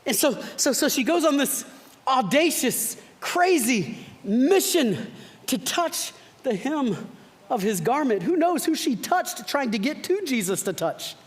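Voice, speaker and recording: High-voiced pastor teaching a sermon. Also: male voice, very animated, moderate pace. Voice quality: frequent repeated words and restarts. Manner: conversational teaching, bursts of fervent emphasis. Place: church.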